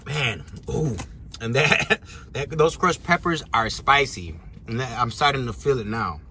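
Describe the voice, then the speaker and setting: Bright-voiced man chatting while eating. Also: mid-range voice, a little slow, a little hiss or hum. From Chicago. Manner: relaxed, chatty, eating between lines. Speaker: vlogger. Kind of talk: casual mukbang vlog. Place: parked truck.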